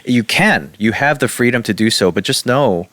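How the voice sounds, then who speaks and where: A man's voice: medium pitch, expressive, normal speed, a bit bright. A man co-hosting a podcast, giving thoughtful opinions in casual chat and saying "like" often. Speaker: podcast co-host.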